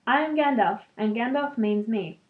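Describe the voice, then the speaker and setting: A woman's voice: on the high side, moderate pace, close to an everyday voice. A woman reading as a wry old wizard, tinny echoey recording.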